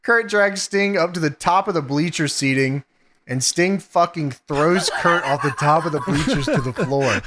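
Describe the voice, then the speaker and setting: A man co-hosting a podcast, calmly narrating a match play by play and laughing often. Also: a little high, normal speed, noisy background. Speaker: podcast co-host. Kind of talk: casual podcast chat recapping a wrestling match.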